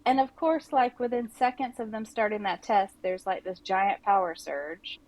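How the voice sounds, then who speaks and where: A woman's voice: mid-range voice, normal speed, a little mellow, poor audio. A middle-aged woman co-hosting a podcast, chatty and casual, with many "like"s and "you know"s. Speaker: podcast co-host.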